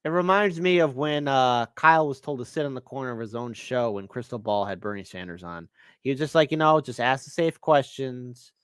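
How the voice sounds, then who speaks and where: Smooth-voiced male political guest. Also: mid-range voice, expressive, brisk, a bit bright, no echo, studio quality. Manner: earnest, building argumentative points. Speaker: guest commentator. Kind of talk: political discussion.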